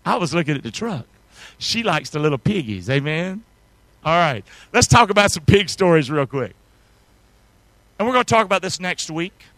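A man's voice: a little high, sing-song, moderate pace, pauses often, a bit bright, no room sound, rough recording. A man preaching a sermon, reading old-style scripture aloud and asking the congregation to say words back with him. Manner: call-and-response, asks congregation to say words; reads archaic scripture aloud with emphasis.

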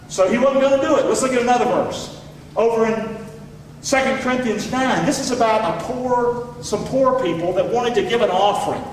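A man's voice: very high-pitched, a little hiss or hum. A man, a pastor from America, preaching an emphatic sermon and calling on his congregation to answer back. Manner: emphatic, calls for congregation response. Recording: echoey hall from far off.

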